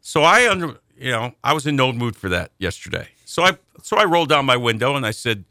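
A man co-hosting a sports radio show, telling stories in an animated way and acting out the voices in them. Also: medium pitch, a little fast, dry recording, studio quality. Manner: animated storyteller, acts out shouting voices in anecdotes. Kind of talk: casual sports talk storytelling.

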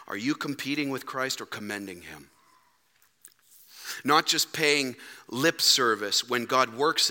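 A man preaching a sermon as pastor, dynamic, acting out quoted voices and swinging from loud to hushed. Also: medium pitch. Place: church sanctuary. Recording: long hall reverb.

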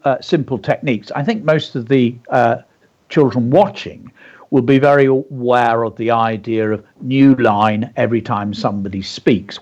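A man's voice: medium pitch, darkish tone, highs cut off. A man co-hosting a radio lesson on creative writing, explaining techniques and reading a story aloud. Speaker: co-host and writing teacher.

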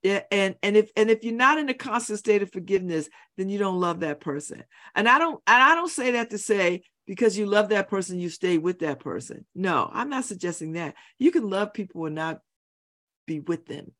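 A middle-aged woman hosts a talk radio show from a studio, delivering an opinionated monologue at a fairly quick clip. Her mid-range voice is animated with a fairly bright tone, and she's emphatic and preachy, repeating phrases to drive her points home.

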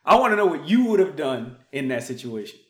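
A man hosting a podcast, telling a story casually, swinging from muttered asides to loud, animated bursts. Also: on the high side, a little fast. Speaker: podcast host.

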